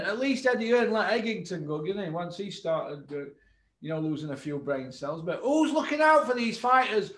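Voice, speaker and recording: A man hosting a boxing channel, ranting with sarcastic rhetorical questions and swinging between low mutters and shouts. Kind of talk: ranting commentary to camera. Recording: roomy echo.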